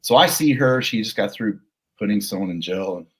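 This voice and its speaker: A man's voice: fairly low pitch, expressive, fairly quick, breathy edge. A middle-aged man, a police officer and podcast guest, telling rambling, jokey stories about his life in an interview. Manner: rambling, jokey anecdotes with laughs. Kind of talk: storytelling interview.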